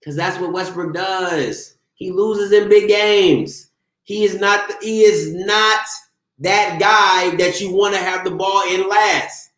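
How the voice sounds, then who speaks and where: A man's voice: sits high, reverberant. A man hosting a live show, ranting about sports, cutting himself off and mocking viewers in the chat. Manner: animated, talks over himself, mocks viewers. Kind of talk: live-stream sports rant.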